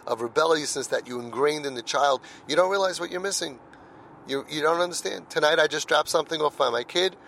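A man's voice: on the high side, fairly bright tone, slight background noise, poor audio. A middle-aged man speaking earnestly about parenting, telling personal stories and repeating words when he presses a point. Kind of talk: heartfelt monologue.

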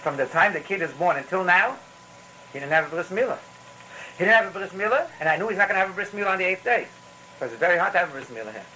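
A man's voice: sits high, expressive, very fast, bright, forceful tone, slight background noise, rough recording. A man with giving a rambling, storytelling Torah talk, full of restarts and phrases. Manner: rambling, repetitive restarts, mixes in Yiddish phrases.

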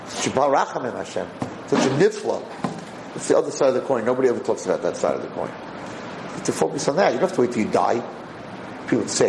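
A man giving a Torah class, lively and animated, often acting out the people he quotes. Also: mid-range voice, fast talker, gravelly. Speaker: Torah teacher. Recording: roomy room echo, faint background hiss.

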